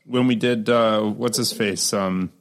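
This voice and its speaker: A man's voice: fairly low pitch, fairly even intonation, measured pace. A young man co-hosting a true-crime podcast, asking curious questions and joking along casually. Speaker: podcast co-host.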